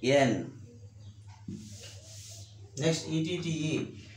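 A man's voice: fairly high pitch, lively intonation, very slow, a little mellow, echoey room, slight background noise. A man with a Telugu accent giving a classroom grammar lesson, repeating himself and spelling words out letter by letter. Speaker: teacher.

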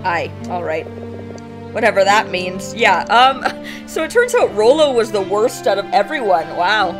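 Excitable young woman gaming, music behind. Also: mid-range voice, moderate pace. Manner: excitable, chatty, reacting with little stammers. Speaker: gamer playing through a story game. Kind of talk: casual let's-play commentary. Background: game music.

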